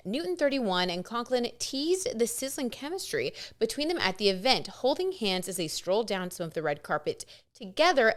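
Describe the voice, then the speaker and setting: A woman vlogger and tarot reader chatting excitedly to camera, full of asides and "like". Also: medium pitch. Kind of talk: casual gossip chat to camera.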